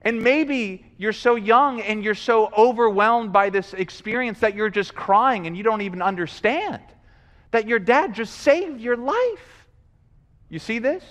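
A man preaching a sermon in a lively, animated way, acting out voices and repeating himself as he builds a point. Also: high-pitched, unhurried. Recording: long hall reverb.

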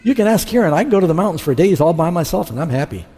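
Middle-aged guy preaching his testimony, mellow voice, big echoey hall. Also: on the high side, animated, rapid-fire, husky. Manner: storytelling, acts out his own past dialogue. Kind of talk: sermon testimony. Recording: long hall reverb.

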